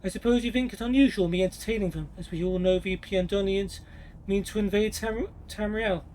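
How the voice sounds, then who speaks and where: Cold, scheming queen with a cutting, polite edge, voiced by a man reading aloud in a high voice. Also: steady tone, fairly quick, a little mellow, a little hiss or hum, lightly acted, low-quality recording. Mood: breezy. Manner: cool, cutting, politely condescending. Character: scheming ambitious queen mother, woman.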